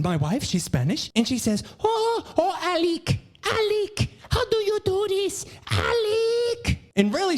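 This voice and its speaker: Young man, high lively voice, profane, ranting, scattered podcast host. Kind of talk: casual ranting commentary.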